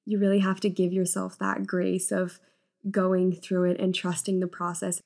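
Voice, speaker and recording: A woman hosting a podcast, chatting in a relaxed, encouraging and agreeable way. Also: fairly low pitch, moderate pace, creaky. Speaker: podcast host. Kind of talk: casual podcast chat.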